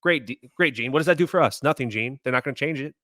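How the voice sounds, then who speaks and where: A man's voice: medium pitch, fast, pushed and bright, no echo. A man co-hosting a sports podcast, bluntly complaining about players and referees in casual chat. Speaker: podcast co-host.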